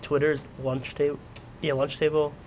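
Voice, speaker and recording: A young man co-hosting a podcast in casual chat, talking in a rambling, halting way with swearing, recorded at a dinner table. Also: fairly high pitch, flat delivery, a little mellow, a little hiss or hum. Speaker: podcast co-host.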